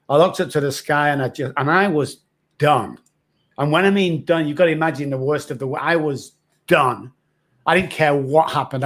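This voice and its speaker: A middle-aged man with a fairly bright voice on the high side speaks as a recovery expert guest on a podcast. He frankly recounts his own hard story, sounding earnest and raw.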